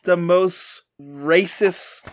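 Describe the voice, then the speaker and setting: A man's voice: sits high, fairly even intonation, extremely slow. A man hosting a casual podcast chat, rambling through a comic plot summary and correcting himself as he goes. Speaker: podcast host recapping a comic.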